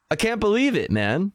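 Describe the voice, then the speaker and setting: High-voiced, slow-talking young man streamer. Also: no echo. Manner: laughing, incredulous, swearing, reading out headlines and comments. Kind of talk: live stream commentary.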